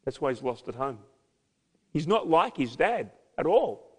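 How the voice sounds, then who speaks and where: A man preaching from the pulpit, his slightly high voice climbing into emphatic, dramatic peaks. His sermon rings through a big church hall with long reverb. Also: big pitch swings, measured pace, slightly rough. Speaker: pastor.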